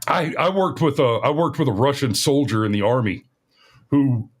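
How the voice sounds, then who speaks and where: A man's voice: medium pitch, lively intonation, normal speed, slightly rough. A middle-aged man co-hosting a podcast, talking casually about politics in a rambling way, often restarting his sentences. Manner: rambling, restarts often, laughs at own stories. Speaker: podcast co-host.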